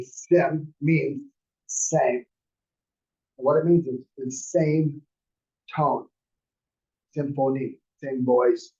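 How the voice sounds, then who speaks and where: A man's voice: mid-range voice, darkish tone, muffled recording. A man teaching a classroom lecture in a conversational, rambling way with many restarts. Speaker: real estate class instructor.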